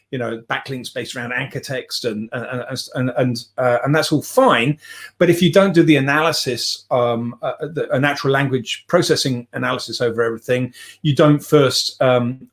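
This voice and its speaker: Middle-aged man, podcast guest on a remote call, loose rambling delivery with self-deprecating asides. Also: mid-range voice. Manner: rambling, self-deprecating, frequent restarts and fillers. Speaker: podcast guest, software CEO. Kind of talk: casual podcast chat.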